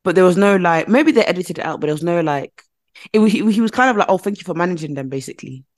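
A low-voiced British woman talks fast in a casual podcast conversation. Her stories are animated, and she acts out what others said through quoted voices.

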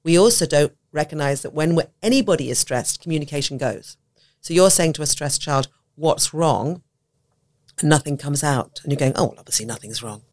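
A woman talking on a podcast about teaching, animated, often acting out quoted voices and laughing. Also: low-pitched, normal speed. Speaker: podcast guest, autism educator. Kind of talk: conversational podcast talk.

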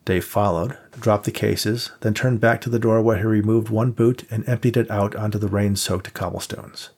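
A male audiobook narrator with a low, gravelly voice and a husky edge. He reads at a measured, even pace, steadily telling the story. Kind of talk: scripted narration.

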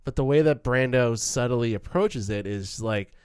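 A man co-hosting a podcast, analysing a film scene in casual chat, animated and often restarting his sentences. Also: medium pitch, normal speed, clear, resonant tone, no room sound, studio quality. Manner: animated, stumbles and restarts, acts out quoted lines. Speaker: podcast co-host discussing a film.

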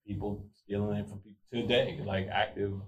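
A man's voice: lowish voice, fairly quick, low-quality recording. Easygoing man podcast co-host. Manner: relaxed, explanatory, light laughter. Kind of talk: casual chat.

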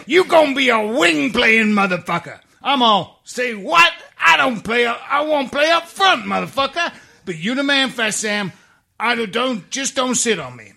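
Brash boasting footballer, high swooping voice, loud and crude, gravelly. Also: male voice, heavily acted. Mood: boastful. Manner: shouted, loud over-the-top delivery.

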